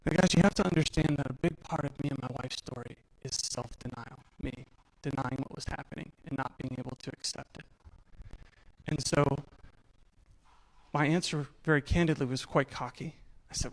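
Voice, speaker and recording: Male speaker, 30ish, fairly high voice, frank personal story with acted-out dialogue, self-mocking humor. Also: steady tone, normal speed, poor audio. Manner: candid, self-deprecating, acts out dialogue. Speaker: speaker telling his survival story. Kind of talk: personal storytelling talk on stage.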